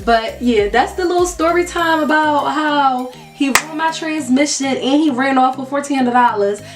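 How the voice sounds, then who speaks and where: A young woman vlogger telling a casual storytime to her viewers, animated and exasperated, often calling them y'all. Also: sits high, moderate pace, recorded from a distance, over music.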